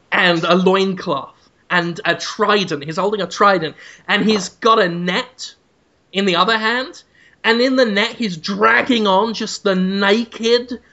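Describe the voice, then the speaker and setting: A male podcast host who tells an absurd, rambling story in a deadpan way. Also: sits high, highs cut off. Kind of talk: comedic improvised storytelling.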